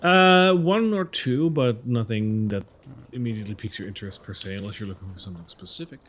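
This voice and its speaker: A man narrating as game master of a tabletop game, giving measured, easygoing rulings. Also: fairly low pitch, a bit bright, slight background noise.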